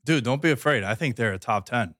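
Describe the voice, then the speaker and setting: A man's voice: mid-range voice, animated, a little fast, fairly bright tone, no room sound, studio quality. A man co-hosting a casual sports chat, loose and slangy in his talk. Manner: loose and slangy, says yo, dude, bro. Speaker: co-host.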